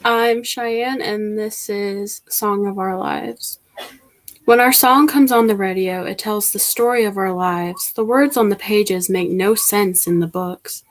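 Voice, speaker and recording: A young woman reciting her own poem at an online open mic, in a soft, steady delivery over a computer mic. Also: medium pitch, measured pace. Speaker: youth spoken word poet. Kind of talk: reciting poetry. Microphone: computer mic on a video call.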